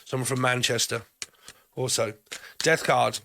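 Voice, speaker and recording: Rambling, swearing tarot reader. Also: male voice, medium pitch, steady tone, measured pace, gravelly, pushed and bright, slight background noise. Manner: rambling, swears often, laughs between phrases. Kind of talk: rambling tarot card reading.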